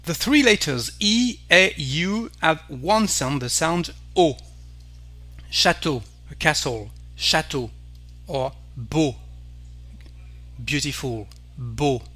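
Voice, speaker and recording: A man with a French accent walks through a pronunciation lesson at an unhurried pace, repeating each word with care. His voice is bright and a little high. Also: animated. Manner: slow, careful, repeats each word for the learner. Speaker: French teacher.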